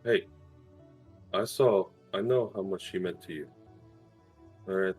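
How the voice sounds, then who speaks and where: A man's voice: low-pitched, a little slow, husky, soft background music. A man playing a tabletop role-playing game, earnest and intense, swearing freely. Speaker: player.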